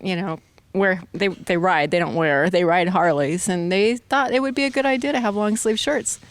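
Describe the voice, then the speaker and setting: A woman's voice: lowish voice, normal speed, no echo. A woman bantering in a sassy, playfully tough way during a casual interview.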